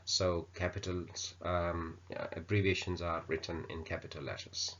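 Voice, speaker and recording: A man teaching an English grammar lesson, explaining slowly with many ums and uhs. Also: low-pitched, little pitch movement, a bit bright, slight background noise. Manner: unhurried explaining with many fillers. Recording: dull lo-fi recording.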